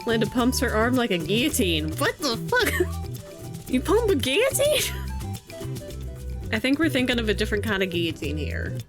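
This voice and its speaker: A woman's voice: fairly high pitch, huge pitch swings, a little slow, pauses often, music in the background. A woman streamer reading a visual novel aloud and commenting, amused and profane, laughing often.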